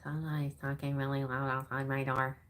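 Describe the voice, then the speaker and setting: A woman's voice: rumbling low, flat delivery, a little fast, fairly bright tone. A woman doing a casual live-stream tarot reading, reading card meanings aloud with chatty asides. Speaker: tarot reader.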